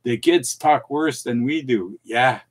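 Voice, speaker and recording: Speaking slowly at a medium pitch, a middle-aged man hosts a casual live stream from his home computer. He chats folksily with viewers, pokes fun at himself and chuckles often.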